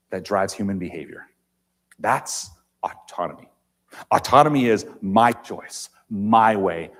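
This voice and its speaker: A man giving an inspirational talk on stage in a large auditorium, emphatic, swinging between loud and quiet. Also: on the low side.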